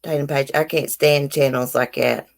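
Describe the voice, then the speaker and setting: A woman with a very deep voice and vocal fry talks at normal speed in a steady tone. She has a Southern accent, comes from the American South, and hosts a relaxed YouTube live stream, chatting bluntly and frankly with viewers as she reads their comments.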